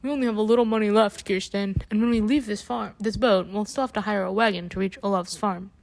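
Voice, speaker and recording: A woman voicing a careworn immigrant father who speaks in a hurried, emphatic way. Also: medium pitch, steady tone, vocal fry, a little mellow, lightly acted. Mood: strained.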